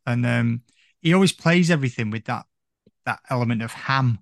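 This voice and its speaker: A man's voice: mid-range voice, moderate pace, vocal fry, no echo, clean studio sound. A man guest on a podcast, chatting casually about a film in a rambling way, full of "you know".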